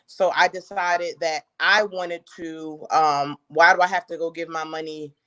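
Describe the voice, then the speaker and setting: Lively New woman chatting casually. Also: deep voice. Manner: animated, quick bursts, casual slang. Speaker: co-host and author. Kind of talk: casual livestream chat.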